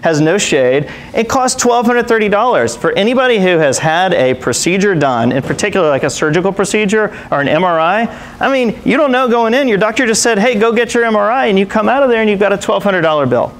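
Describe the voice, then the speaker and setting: A man with a fairly high voice gives a conference talk in a loose, chatty way. He tells stories and fills his sentences with ums and restarts. A faint hiss of noise sits under the recording. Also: animated, fairly quick. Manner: casual, anecdotal, many fillers and restarts. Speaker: conference speaker. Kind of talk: presentation talk. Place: conference stage.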